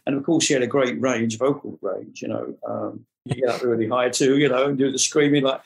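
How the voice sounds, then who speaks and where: A man's voice: mid-range voice, steady tone, brisk, vocal fry. A man answering interview questions about a former bandmate, rambling with many fillers and restarts. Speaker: interview guest, rock guitarist. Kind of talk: recorded interview.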